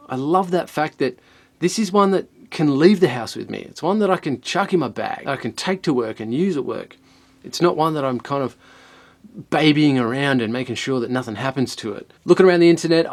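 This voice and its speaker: A young Australian man talks through a product review in an easygoing, unpolished way. He is blunt, swears freely and sounds at ease. His voice sits at an ordinary middle pitch for a man. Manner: blunt, swears often, chatty and laid-back. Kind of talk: casual spoken product review.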